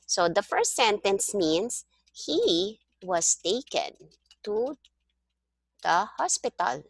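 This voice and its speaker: A woman's voice: mid-range voice, very animated, slow pace, gravelly, husky, no echo, clean studio sound. A woman teaching a one-on-one language lesson over a video call, explaining patiently step by step. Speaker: language tutor.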